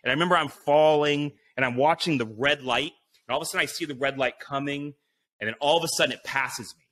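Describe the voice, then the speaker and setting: A man guest tells an animated story, swearing often and acting out the voice in his own head. His voice sits a little high, with a bright, forceful, tense edge. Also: fast. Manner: vivid retelling that acts out his own inner voice, with frequent swearing and fillers. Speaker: podcast guest, BASE jumper.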